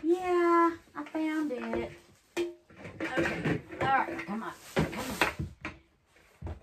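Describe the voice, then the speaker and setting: A woman's voice: high-pitched, drawn-out words, loud music behind the voice. A woman chats through a resin craft demo, exclaiming and calling her viewers babies. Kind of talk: casual craft demo chat.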